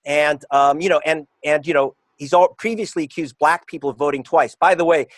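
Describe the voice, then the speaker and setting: A man being interviewed as an author and reporter, talking in an emphatic, combative way and slowing down to stress his points. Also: fairly high pitch, no echo. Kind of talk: interview guest.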